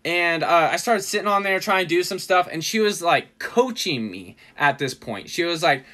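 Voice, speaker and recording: A man casually telling a story in a livestream replay, animated and laughing often as he acts out what was said. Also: sits high, moderate pace.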